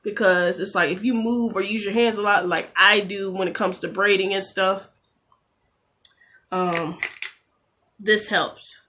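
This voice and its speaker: A woman's voice: medium pitch, steady tone, bright, forceful tone, a little hiss or hum. A woman beauty vlogger chatting casually through a nail tutorial, joking and getting exasperated, recorded on a camera phone. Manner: chatty, quick to get exasperated, jokey asides.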